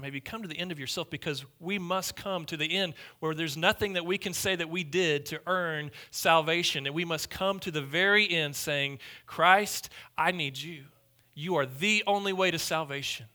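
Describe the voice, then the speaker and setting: A man preaching a sermon as pastor, emphatic and repetitive, dropping to hushed lines and then rising loud. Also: fairly high pitch, normal speed, hardly any pauses.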